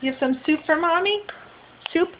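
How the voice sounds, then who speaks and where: A young mother at home, talking to her toddler in a drawn-out, sing-song, coaxing way. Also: very high-pitched. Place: at home, indoors. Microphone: home video camera. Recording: muffled home video with hiss.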